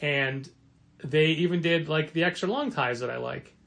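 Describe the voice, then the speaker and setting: A man co-hosting a comic shop podcast in casual chat, animated and acting out quoted lines in a raised voice. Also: on the high side, moderate pace, gravelly, a little hiss or hum.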